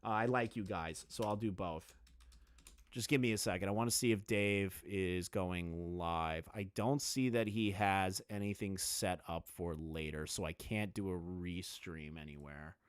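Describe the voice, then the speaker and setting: A man doing live-stream commentary in a crude, mocking and excitable way. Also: low voice, unhurried, clear, resonant tone.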